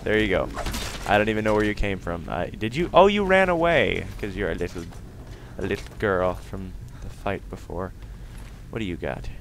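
A young man giving casual let's-play commentary, excitable and silly, breaking into sudden loud outbursts and laughs. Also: low voice, normal speed, slight background noise. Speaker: gaming video host.

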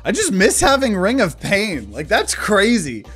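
A man's voice: sits high, huge pitch swings, a little slow, fairly bright tone, slightly rough, soft background music. A man giving casual let's-play commentary, thinking aloud as he plays. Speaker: gaming channel host.

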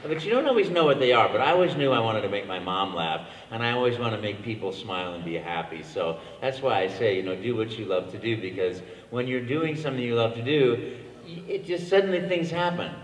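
An older man, a voice actor, telling a long, animated story on a convention panel, with frequent restarts. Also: mid-range voice, fairly quick, slight background noise. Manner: animated, rambling anecdotes with restarts. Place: large convention hall. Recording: echoey convention hall, mic from far.

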